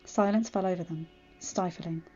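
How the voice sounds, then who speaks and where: A woman calmly reading fan fiction aloud as narrator. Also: on the low side, normal speed, dull audio, soft background music. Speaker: audiobook reader.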